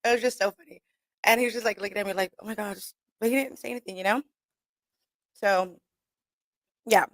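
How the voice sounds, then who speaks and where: A young woman, a comedian hosting a radio show, rambles through stories fairly quickly, laughing often, swearing freely and acting out what people said. Her middle-range voice is fairly bright. The studio mic sound is close and dry, with no room behind it.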